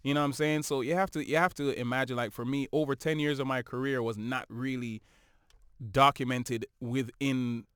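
Smooth-voiced man telling stories. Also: medium pitch, moderate pace, no echo, studio quality. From Toronto, Canada. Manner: animated storyteller, often adds "you know what I'm saying". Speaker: guest musician. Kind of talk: casual interview chat.

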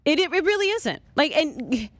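A woman hosting a sports radio talk show, telling stories in a chatty, animated way. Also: sits high, moderate pace, no room sound.

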